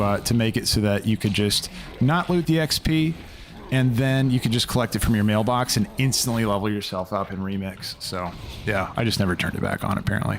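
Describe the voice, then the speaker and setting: Rambling low-voiced young streamer man. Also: a little hiss or hum. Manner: rambling, loose, swears casually. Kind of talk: casual live-stream gaming commentary.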